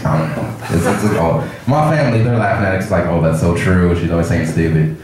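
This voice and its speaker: A man's voice: low-pitched, quick pace. A young man at an open mic doing stand-up, telling a rambling story and acting out the people in it. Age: young adult. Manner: rambling, animated, acts out characters. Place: cafe open mic night. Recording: echoey cafe with crowd noise.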